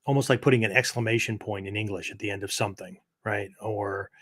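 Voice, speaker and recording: Man, middle-aged, somewhat low voice, casual rambling teacher, constant "right?". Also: steady tone, fast, fairly bright tone. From United States. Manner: peppers talk with "right?" and "okay?"; rambling, self-correcting explanations. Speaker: martial arts podcast host.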